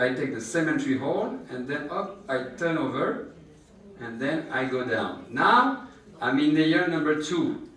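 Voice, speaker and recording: A man runs a hands-on class, explaining each step as he works and teasing the patient. His voice sits at a middle pitch. He is caught by a far-off mic in a very echoey room. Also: a little hiss or hum. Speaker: aesthetic injection trainer. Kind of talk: live hands-on class demonstration. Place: treatment room with an audience. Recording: echoey room picked up from a distance.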